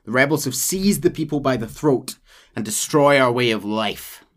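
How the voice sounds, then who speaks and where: A man's voice: medium pitch, expressive, normal speed, a bit bright. A man hosting a podcast, casually retelling a game's story and chuckling along the way. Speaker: podcast host.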